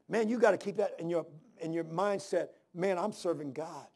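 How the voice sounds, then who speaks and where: A man in his sixties delivers a sermon in a high, gravelly voice with plenty of fry. He talks in a folksy way, leaning on "man" and "ain't." He hammers points home by repeating them and calling out amen and hallelujah. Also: normal speed, a little mellow. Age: 60s. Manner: emphatic, repeats phrases, calls amen and hallelujah. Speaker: preacher.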